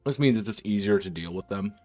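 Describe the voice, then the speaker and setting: A man's voice: lowish voice, fast, dark tone, soft background music. A man streaming while designing a tabletop game, thinking aloud with restarts and self-corrections, a little slurred from drinking. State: tipsy from drinking.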